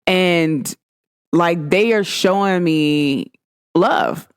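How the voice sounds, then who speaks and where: A woman from Cincinnati with a Cincinnati accent, hosting a casual spiritual talk show, chatty and full of slang, jumping up high in pitch when she quotes her friends. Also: very slow, clear, resonant tone, no room sound, clean studio sound. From Cincinnati, Ohio. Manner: animated, swings up in pitch when quoting friends; chatty, many "like" fillers and slang. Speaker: podcast host.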